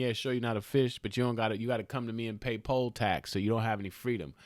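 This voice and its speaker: A middle-aged man hosting a podcast, talking in a motivational monologue, animated, with loud peaks and hushed asides. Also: on the low side, dry recording, studio quality. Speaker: podcast host.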